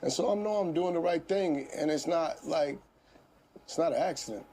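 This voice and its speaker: A man in his fifties, a comedian guest telling stories in a casual interview, animated, laughing often and swearing freely. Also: fairly high pitch, normal speed.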